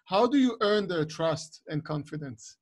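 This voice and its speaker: A man's voice: on the high side, animated, measured pace. A man interviewing a referee, putting short formal questions.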